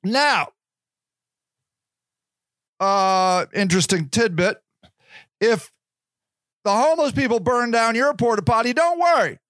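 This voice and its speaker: A man's voice: extremely high pitch, expressive, takes it slowly, pauses often, a bit bright, no echo. A man hosting a podcast, telling a story in a rambling, casual monologue, swearing freely and stumbling over repeated words. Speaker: podcast host.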